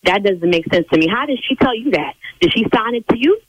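Woman on the phone, husky voice, lively pitch, dry line, stern and proper. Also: no room sound, muffled recording. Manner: prim and measured, then explodes. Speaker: church sign language interpreter. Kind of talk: phone call.

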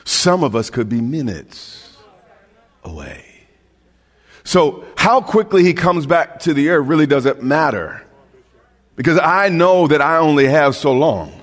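A man preaching a sermon as pastor, stretching out phrases and dropping to a hushed near whisper on key words before building up again. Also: on the high side, lively intonation, measured pace, long pauses, big-room sound.

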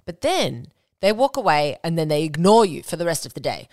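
A young woman hosts her own podcast in a loose, candid way, swearing without a second thought. Her voice sits a little low. The recording is dry, with no room sound. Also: sing-song, fairly quick, darkish tone, no room sound. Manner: candid and blunt, swears freely, acts out quoted lines. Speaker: podcast host. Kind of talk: casual solo podcast talk.

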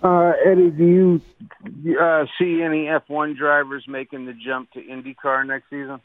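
A man's voice: fairly high pitch, level tone, moderate pace, no echo, narrow, tinny audio. A man co-hosting a sports radio show, asking questions and giving picks casually. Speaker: radio co-host.

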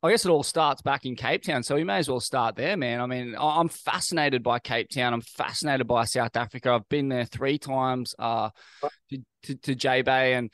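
A man hosts a podcast with loose, eager energy, often groping for the next word. His voice is smooth and resonant. The sound is close and dry, with no room around it. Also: medium pitch, normal speed, a bit bright, dry recording. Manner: enthusiastic, loose, searching for words. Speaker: podcast host. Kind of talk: casual interview.

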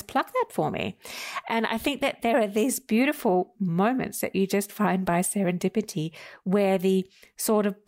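Woman author with a gravelly voice. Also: mid-range voice. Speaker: author and interview guest. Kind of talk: relaxed storytelling in conversation.

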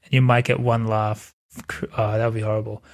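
A man's voice: fairly low pitch, flat delivery, fairly quick. A man hosting a podcast in a casual, jokey way, swearing freely. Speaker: podcast host. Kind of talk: casual chat.

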